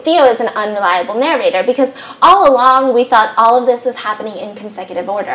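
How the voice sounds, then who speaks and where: A woman hosting a podcast, casually retelling a story in an animated way, swearing freely and acting out the characters' quotes. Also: a little high. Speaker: podcast host. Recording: roomy echo with faint noise.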